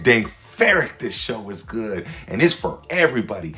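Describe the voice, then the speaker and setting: Low-voiced joking comedian host. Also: male voice, lively intonation, normal speed, hardly any pauses. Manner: slangy, rambling, playful jokes with sudden loud jumps. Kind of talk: comedic monologue.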